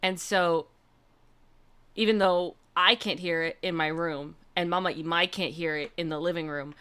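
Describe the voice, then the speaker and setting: A woman's voice: fairly low pitch, steady tone, normal speed, a bit bright, clear, resonant tone. Gushing young woman telling a story. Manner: gushing, chatty, many fillers. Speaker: livestream host. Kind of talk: casual storytelling chat.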